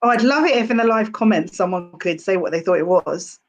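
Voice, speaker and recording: A woman's voice: lowish voice, expressive, fairly quick. A young adult woman, a stand-up comedian, chatting casually on a podcast in a rambling way with lots of fillers.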